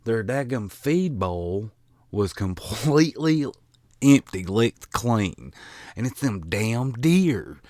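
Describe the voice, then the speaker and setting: A Southern vlogger with an American South accent talks to the camera at a slow pace, very animated, his medium-pitched voice on the dark side. He rambles colloquially, pokes fun at himself, restarts often and swears mildly, all captured in a dry, studio-quality recording.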